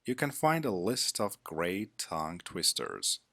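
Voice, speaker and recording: A man narrating a scripted English lesson as a teacher, with a measured, deliberate instructional delivery. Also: low voice, huge pitch swings, vocal fry, sharp tone, no room sound.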